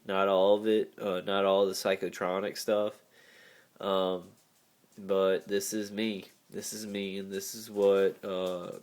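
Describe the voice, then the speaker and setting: A man with a lowish voice speaks into his own video journal. He talks in an earnest, emotional ramble, circling back with fillers, and sometimes drops to a near-whisper. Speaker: vlogger.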